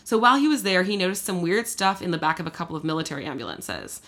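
A woman's voice: on the low side, fast. Chatty woman telling a story. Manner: chatty, animated, many fillers and laughs. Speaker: podcast co-host telling the story. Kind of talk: casual storytelling chat.

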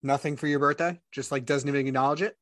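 A man's voice: fairly high pitch, steady tone, fast, a bit bright, no room sound, studio quality. A man hosting a podcast interview, reacting sympathetically with short exclamations. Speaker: podcast host. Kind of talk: casual interview chat.

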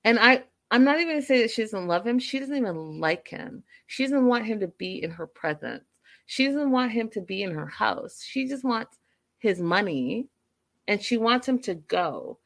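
A woman's voice: on the high side, animated, moderate pace, vocal fry, a bit bright. A woman giving blunt, casual commentary on a relationship, acting out quoted lines as she goes.

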